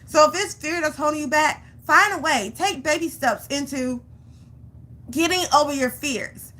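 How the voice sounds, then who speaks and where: Bright-voiced woman giving a pep talk. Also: high voice, normal speed. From Georgia, US. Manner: animated storytelling, acts out her own panic; repeats phrases for emphasis. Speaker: vlogger. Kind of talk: motivational vlog talk.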